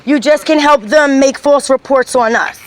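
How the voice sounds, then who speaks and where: Upset middle-aged woman ranting into her phone, high voice, going on and on. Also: normal speed. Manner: emphatic, rambling, aggrieved. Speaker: vlogger filming her own channel. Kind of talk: emotional personal vlog.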